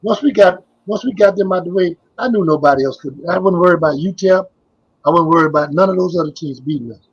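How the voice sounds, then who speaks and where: In a fast, high, slightly rough voice, an older man who once played basketball tells rambling stories in a casual interview, repeating phrases and trailing off. The recording's highs are cut off.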